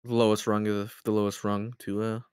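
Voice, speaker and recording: A man's voice: on the low side, flat delivery, brisk, a little mellow, clear, resonant tone, no room sound. A man chatting as a tabletop game player, making dry, rambling asides. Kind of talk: casual chat among players.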